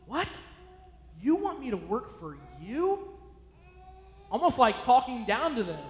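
A man's voice: very high-pitched, fairly bright tone. A male pastor preaching a sermon in a church, emphatic and repetitive, encouraging his listeners. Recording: echoey hall.

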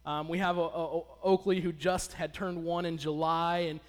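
A man's voice: fairly high pitch, level tone, moderate pace. A man in his thirties telling a personal story to an audience, chatty and asking them questions. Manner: conversational, asks the audience questions. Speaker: speaker addressing an audience. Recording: long hall reverb.

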